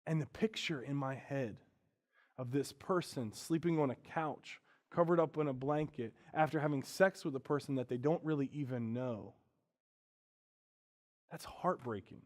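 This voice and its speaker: A pastor preaching a sermon, earnest and candid, moving from quiet reflection to loud, animated stretches. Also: male voice, medium pitch, normal speed.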